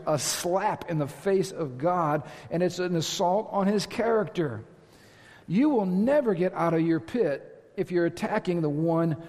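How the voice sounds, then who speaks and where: A man with a notably high voice delivers an emphatic sermon, driving points home with repeated phrases and rising exclamations. The long reverb of a church hall trails behind every line. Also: a little mellow. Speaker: pastor.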